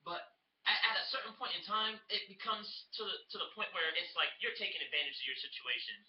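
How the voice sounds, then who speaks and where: A man's voice: sits high, expressive, fast. A young man speaking earnestly and conversationally to his own camera at home, with many "you know" asides. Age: young adult. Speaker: vlogger. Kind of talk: casual personal commentary to camera. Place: indoors at home, TV audible. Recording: roomy, dull sound with faint hiss.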